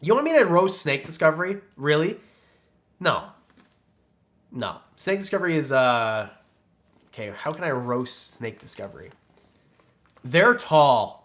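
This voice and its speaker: A man's voice: fairly high pitch, lively intonation, a little slow, long pauses, fairly bright tone. A man hosting a casual livestream, reading super chats and teasing in a joking, rambling way. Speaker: livestream host.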